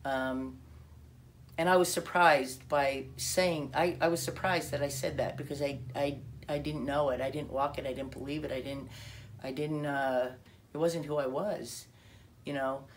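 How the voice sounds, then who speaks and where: A woman's voice: sits low, fairly even intonation, a little slow. A woman telling a personal testimony story, acting out quoted dialogue with frequent restarts. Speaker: speaker telling her testimony.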